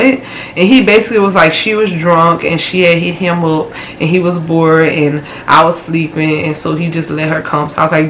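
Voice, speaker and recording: A woman's voice: low-pitched, fairly even intonation, a little fast, reverberant, a little hiss or hum, poor audio. A young woman, telling a dramatic personal story in a chatty storytime vlog. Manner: chatty, dramatic retelling with lots of fillers. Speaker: vlogger. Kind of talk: casual storytime.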